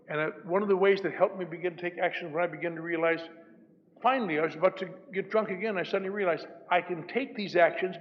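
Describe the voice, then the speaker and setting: An older man speaking at a recovery meeting, telling his story with wry, self-mocking humor. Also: high voice. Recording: dull old hall recording, faint hiss.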